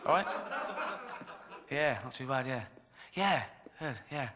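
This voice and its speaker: Dry, chuckling English comedian. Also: male voice, mid-range voice, lively intonation, slow pace, big-room sound, a loud crowd. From England. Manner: dry, sardonic, chuckling at his own jokes. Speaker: stand-up comedian. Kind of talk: stand-up comedy set.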